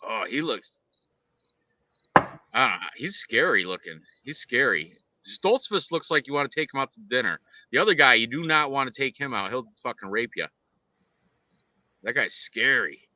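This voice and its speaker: Bright-voiced man rambling about fights. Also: mid-range voice, moderate pace, pauses often, no room sound, dull audio. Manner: rambling, excitable, lots of restarts. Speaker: podcast co-host and fight picker. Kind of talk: casual fight-picks chat.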